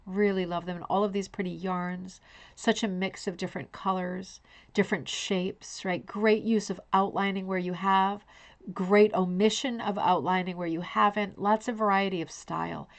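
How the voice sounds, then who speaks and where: A woman's voice: mid-range voice, fairly even intonation, moderate pace, vocal fry. A woman hosting a casual live online show, talking effusively and addressing viewers by name. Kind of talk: casual livestream commentary.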